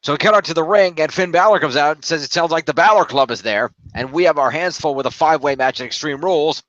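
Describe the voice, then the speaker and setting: A man's voice: a little high, fairly bright tone, no room sound, dull audio. Man rattling off a wrestling recap. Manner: narrates events in quick run-on summaries, swears casually. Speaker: podcast co-host recapping wrestling. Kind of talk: casual recap chat.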